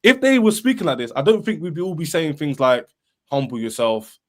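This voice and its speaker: A man, a football fan panelist, arguing in an animated, emphatic way on a podcast and repeating himself. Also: on the high side, fast talker. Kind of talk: heated football podcast debate.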